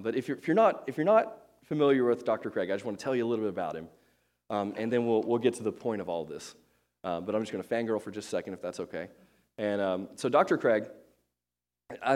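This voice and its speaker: A man's voice: lowish voice, a little mellow. A male pastor preaching a casual, chatty sermon to his congregation, joking at his own expense and restarting sentences often with many fillers.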